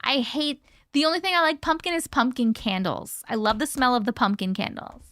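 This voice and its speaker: A woman's voice: high voice, expressive, fairly quick, fairly bright tone, no echo. A woman hosting a casual live stream, chatting and laughing while she reads out viewer comments and greets them by name. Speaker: livestream host.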